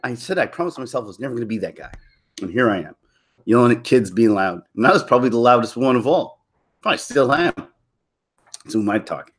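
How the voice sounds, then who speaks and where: A man's voice: mid-range voice, lively intonation, fast talker, fairly bright tone, slightly rough. A man hosting a casual live stream, rambling and joking with frequent laughs. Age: middle-aged. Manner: rambling, jokey, laughs often. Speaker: channel host.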